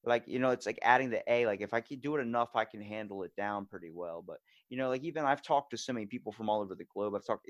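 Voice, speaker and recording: A man hosting a podcast, talking in a fast, rambling, playful way. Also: on the low side, no echo. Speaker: podcast host. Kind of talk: casual podcast chat.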